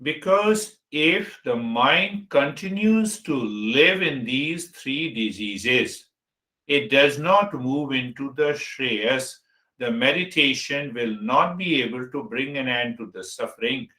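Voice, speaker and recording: In a recording with roomy echo, a man leads a meditation teaching talk as a spiritual teacher. His mid-range voice is animated and sharp-toned, and he speaks deliberately, naming words one by one.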